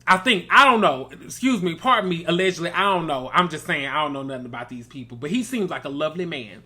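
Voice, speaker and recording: A man's voice: a little high, quick pace. Sassy man dishing gossip. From Mississippi. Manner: animated, gossipy, sassy, calls listeners baby and girl. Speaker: reality TV recap host. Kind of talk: casual review commentary.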